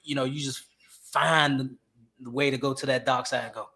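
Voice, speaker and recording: A man telling animated stories in a casual chat about acting. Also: medium pitch, fairly quick, gravelly. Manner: animated storyteller acting out quotes. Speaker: actor guest.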